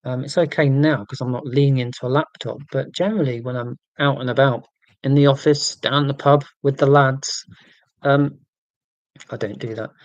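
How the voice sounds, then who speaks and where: A man in his forties with an English accent from near London, hosting a casual livestream and answering viewer comments in a monotone, deliberately clear way. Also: medium pitch, dry recording, muffled recording. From England, near London. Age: 40s. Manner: monotone, careful and deliberate about being clear. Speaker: livestream host.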